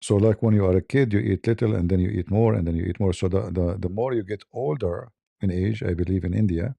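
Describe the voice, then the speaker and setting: Gravelly dark-voiced man chuckling through a story. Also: sits low, fast, no echo. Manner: chuckling, broken English, many restarts. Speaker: host. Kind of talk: casual storytelling on a live stream.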